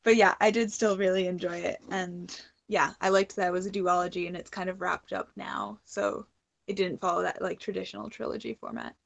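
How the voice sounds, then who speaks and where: Woman booktuber guest, vocal fry, dry mic, relaxed and giggly. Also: mid-range voice, a little fast, no room sound. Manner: relaxed, laughing, hedging with "like". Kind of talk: casual chat.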